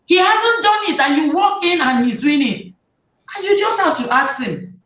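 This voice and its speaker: A woman, hosting a talk show and giving lively advice to parents, often acting out what parents and children say. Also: high-pitched, moderate pace. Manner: animated, acts out parents' and children's lines. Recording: roomy, distant, dull sound.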